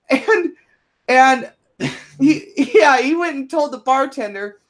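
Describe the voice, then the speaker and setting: A woman's voice: sits high, lively intonation, slow, a loud crowd. A woman chatting on a podcast, telling a profane, blunt anecdote and laughing through it. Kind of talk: casual chat, anecdote telling.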